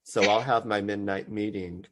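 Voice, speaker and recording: A man hosting a casual podcast chat, an animated storyteller who slips into playful impressions. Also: fairly low pitch, normal speed, noisy background. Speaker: podcast host.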